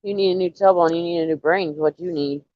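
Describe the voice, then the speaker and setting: A woman's voice: lowish voice, fairly even intonation, quick pace, dry recording. Tired, sighing woman on a dull recording. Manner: tired, sighing, muttering to herself. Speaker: live streamer. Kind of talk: casual chat.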